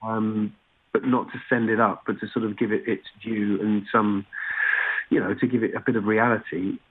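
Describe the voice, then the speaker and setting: A man's voice: lowish voice, little pitch movement, moderate pace. A man from Britain, an actor guest chatting in an interview, often restarting his sentences with "you know". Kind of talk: casual interview chat. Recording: tinny phone-like remote line.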